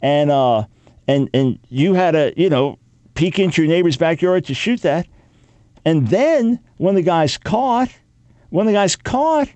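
A man's voice: on the high side, lively intonation, measured pace, warm tone, dry recording. A man hosting a radio talk show, giving sarcastic commentary with mock gasps and frequent restarts.

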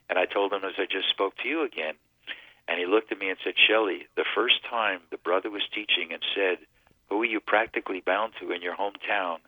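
A man's voice: deep voice, dry recording. A man from Connecticut calling in to a radio show, telling his personal testimony in an earnest storytelling way. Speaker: radio guest. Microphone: phone line. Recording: tinny phone line, dry.

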